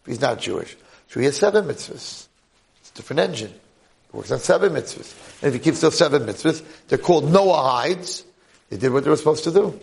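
An older American man, a rabbi, giving a jokey, animated class full of rhetorical questions. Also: mid-range voice, fairly quick, creaky. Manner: jokey, acts out quoted voices, punchy rhetorical questions. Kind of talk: animated storytelling lecture.

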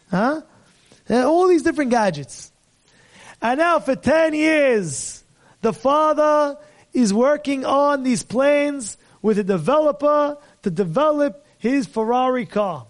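A man telling a story in a sermon, swinging from hushed to shouting and repeating phrases for emphasis. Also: extremely high pitch. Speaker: speaker at a religious event.

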